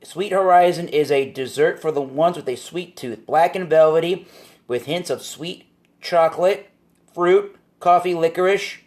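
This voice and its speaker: Animated man reviewing beer on camera. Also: on the high side, measured pace. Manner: animated, exclaims at surprises. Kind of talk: casual video review. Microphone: phone or camera mic.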